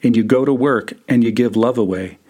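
A man's voice: medium pitch, fairly quick, warm tone, slightly rough. A man hosting a podcast, telling a vivid second-person story with wry, dry humor. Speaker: podcast host.

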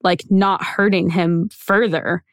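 A woman's voice: lowish voice, steady tone, takes it slowly, no echo, clean studio sound. A woman hosting a podcast, telling a true-crime story in a loose, conversational way with many fillers. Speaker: podcast host.

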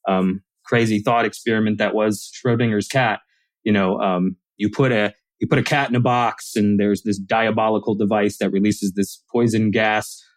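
A man's voice: on the low side, normal speed, dry recording, rough recording. Guy guest on a podcast, acts out the quotes as he goes, dry sound. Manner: animated storytelling, acts out quoted lines. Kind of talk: casual conversation.

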